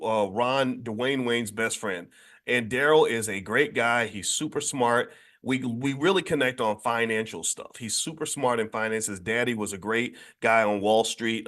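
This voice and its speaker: Animated man rambling to his audience. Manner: animated, rambling, many restarts and sudden pitch jumps; conversational, addresses the audience directly. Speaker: host of a morning finance show. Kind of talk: casual livestream commentary.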